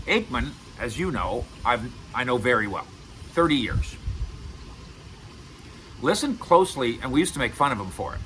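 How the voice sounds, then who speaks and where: A man's voice: medium pitch, very animated, moderate pace, long pauses, a bit bright, a little hiss or hum, low-quality recording. A middle-aged man giving casual sports commentary to camera as host, emphatic and repeating words for stress. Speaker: sports radio and video host.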